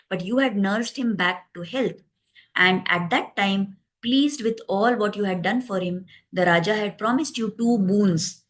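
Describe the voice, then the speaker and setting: A woman's voice: mid-range voice, lightly acted. A woman storyteller doing a cunning old maid. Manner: persuasive, insistent. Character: cunning old maidservant, persuasive schemer.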